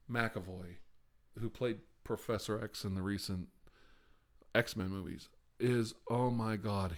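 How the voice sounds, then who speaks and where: A man hosting an ASMR live stream, rambling in casual chat with frequent laughs and sighs. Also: on the low side.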